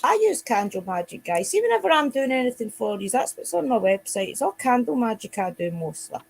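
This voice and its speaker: A Scottish woman chatting casually as co-host of a talk show. Her voice is husky with a gravelly fry underneath. Her pitch rises and falls in a lively way as she talks directly to her audience. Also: brisk. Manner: chatty, addresses listeners directly. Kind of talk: casual chat.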